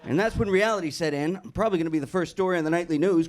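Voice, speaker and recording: A man's voice: a little high, racing, hardly any pauses. A middle-aged man doing a stand-up comedy set on a club stage, telling a story and acting out the other people's lines in changing voices. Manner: storytelling, acts out dialogue with shifting voices.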